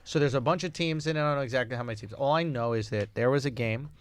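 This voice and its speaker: A man's voice: mid-range voice, fast talker, clean tone. A man co-hosting a podcast, checking on a guest and moving the chat on to sports news. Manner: steers the talk to the next topic. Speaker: podcast co-host. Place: podcast studio.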